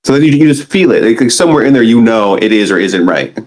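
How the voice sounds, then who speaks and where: A man's voice: mid-range voice, expressive, quick pace, darkish tone, rough recording. A man hosting an interview, encouraging and affirming his guest's answers. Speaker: host. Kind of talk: casual interview.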